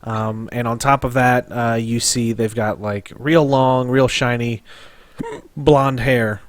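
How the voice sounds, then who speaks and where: A man narrating a tabletop game as game master, describing scenes in a loose, halting way. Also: mid-range voice, steady tone, no room sound.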